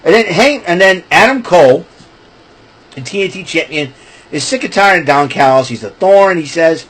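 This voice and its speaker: A man's voice: fairly high pitch, animated, moderate pace, a bit bright, rough recording. A man hosting a casual wrestling recap show, talking in a rambling, chatty way. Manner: rambling, chatty, breaks into laughing fits.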